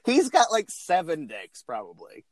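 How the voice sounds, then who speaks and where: A man co-hosting a casual movie podcast, animated, crude and quick to laugh. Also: a little high. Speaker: podcast co-host.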